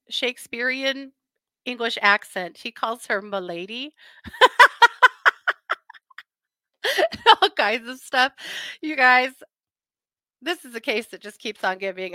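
A woman's voice: a little high, vocal fry, pushed and bright, no room sound. A woman hosting a livestream, chatting casually with her viewers about a wild crime case, rambling through asides and laughing often. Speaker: livestream host reading viewer comments.

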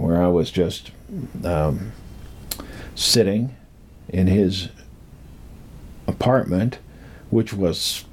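An older man telling a rambling personal story from his youth, halting and full of pauses and restarts. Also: fairly low pitch, warm tone, slight background noise.

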